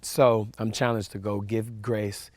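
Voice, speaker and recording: A man giving a storytelling sermon to young listeners, animated with fillers and repeats, dropping soft and quiet for reflection. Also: on the low side, measured pace. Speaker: camp speaker.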